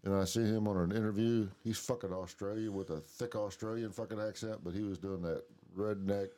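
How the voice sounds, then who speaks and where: A man with a very low, dark, mellow voice holds forth in loose late-night podcast chat. He rambles from story to story and swears freely. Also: steady tone, fairly quick. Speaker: podcast co-host.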